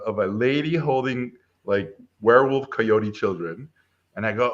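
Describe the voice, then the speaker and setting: Animated middle-aged man telling stories. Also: lowish voice, fairly quick, dull audio. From Mexico. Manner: animated, acts out quoted voices. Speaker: film director guest. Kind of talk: casual storytelling chat.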